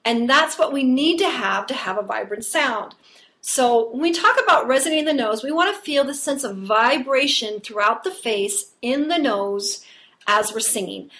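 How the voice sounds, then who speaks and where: A woman's voice: fairly high pitch, expressive, normal speed, a bit bright. A woman voice teacher explaining vocal technique in a conversational, explanatory way.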